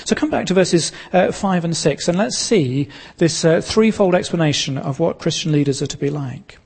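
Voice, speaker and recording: A man preaching a sermon as pastor of his church, earnest and emphatic, repeating key lines with pauses. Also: on the high side, expressive, vocal fry, darkish tone, breathy edge, big-room sound.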